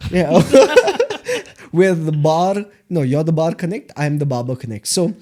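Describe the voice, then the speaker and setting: A man, a guest in a casual interview, telling animated stories about his start. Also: fairly high pitch, slow pace. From India. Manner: animated storytelling, acts out quoted voices. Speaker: guest, beatboxer and MC.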